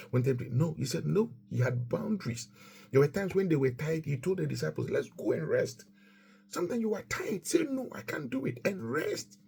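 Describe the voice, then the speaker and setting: A man's voice: mid-range voice, gravelly, a little mellow, slight background noise. A man teaching a Christian lesson on marriage, emphatic and repetitive, quoting scripture as he preaches.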